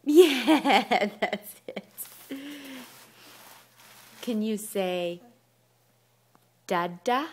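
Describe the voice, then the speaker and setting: Young mom, coaxing baby talk, lively sing-song pitch, unhurried. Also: female voice, breathy edge. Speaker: mother. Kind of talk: talking to a baby.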